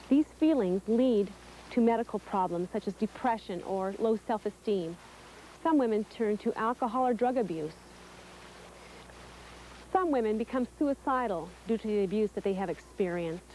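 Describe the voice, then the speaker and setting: A woman reading scripted documentary narration in a measured, even way. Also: fairly high pitch, slight background noise, poor audio.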